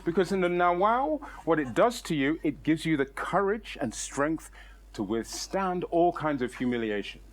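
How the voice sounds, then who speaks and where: A middle-aged man spins a comic tale on stage with a somewhat high voice. He talks in an animated, exaggerated way, laughing through his own lines as he goes. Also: normal speed. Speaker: storyteller. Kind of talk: comic live storytelling. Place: storytelling stage.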